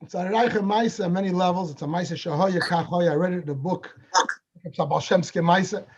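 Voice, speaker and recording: A man with a high voice tells a story to a religious gathering and slips into the people he quotes as he goes. He comes through a video call, and the sound is dull and lo-fi. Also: a little fast. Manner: animated storyteller acting out dialogue. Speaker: speaker at a Hasidic gathering. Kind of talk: storytelling talk.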